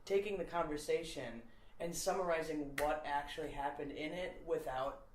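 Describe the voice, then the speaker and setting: A woman's voice: low voice, normal speed, a little hiss or hum. A woman comedian chatting casually, rambling and packing her talk with fillers. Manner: rambling, filler-heavy with lots of "like". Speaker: comedian co-host. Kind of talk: casual chat. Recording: echoey room.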